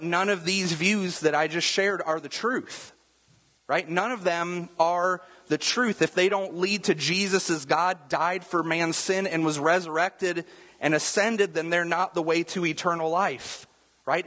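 A man delivers a sermon in a conversational style and keeps asking his listeners "right?" His voice sits a little high and sounds husky. It rings out with a long reverb from the hall. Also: a bit bright. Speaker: pastor.

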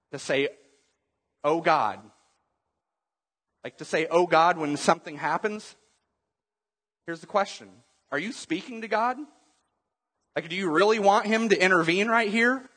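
Male pastor, slightly high voice, earnest conversational sermon, long reverb of a church hall. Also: fairly bright tone. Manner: earnest, conversational preaching with bursts of humor. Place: church sanctuary.

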